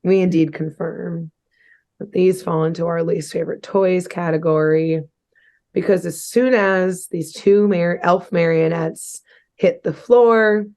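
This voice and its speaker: A woman's voice: fairly low pitch, fairly even intonation, measured pace, mellow. A young adult woman co-hosting a podcast, recapping a cartoon episode in casual, giggly chat and swearing freely.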